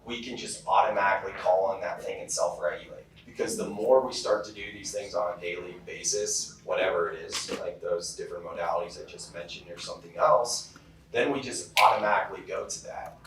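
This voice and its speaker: A man's voice: sits low, a little fast, fairly bright tone, slight background noise. A man from California giving a motivational keynote talk, telling stories in a casual way with lots of fillers. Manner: casual storytelling with many fillers. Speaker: keynote speaker. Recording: very echoey hall, heard from far off.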